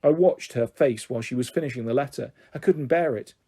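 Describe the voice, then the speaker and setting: A man reading a children's novel aloud in an expressive, animated way. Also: medium pitch, a little fast, husky. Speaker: storyteller.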